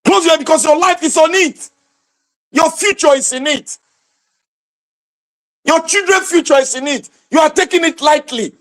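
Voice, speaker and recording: A man's voice: very high voice, moderate pace, pauses often, a bit bright. A Nigerian man hosting impassioned political commentary, preaching and exhorting his viewers with a fiery, repetitive delivery.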